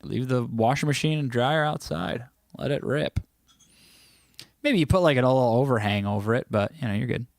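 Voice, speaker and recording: Fast and with hardly any pauses, a mid-range American man reads his chat out loud during a casual home livestream, kidding around and slipping into bits of song. The sound is clean studio audio without echo.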